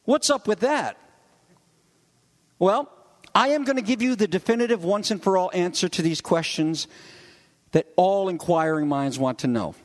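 Animated preacher with hall reverb. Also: male voice, high voice, moderate pace, long pauses. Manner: conversational, animated, acts out quoted voices. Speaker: pastor. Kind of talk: sermon.

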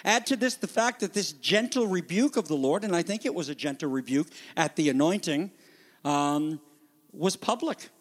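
Preaching at a normal speed, a pastor delivers his sermon in a high, lively voice, occasionally slipping into the voices of characters in the story. A long reverb makes his words ring out as though in a large hall.

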